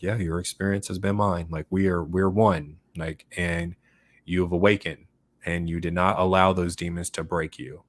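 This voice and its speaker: A man with a low, deep voice talks loosely and at length to his channel's viewers, reacting to their comments as he goes. He keeps tagging his points with "right?" and breaks into short laughs. The sound is dry and close, with no room echo. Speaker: channel host. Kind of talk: casual livestream monologue answering viewer comments.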